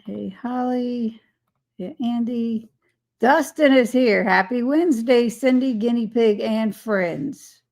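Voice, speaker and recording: A woman's voice: a little high, unhurried, a little mellow. A woman hosting a casual live stream, greeting viewers by name and reading their chat comments aloud with frequent laughter.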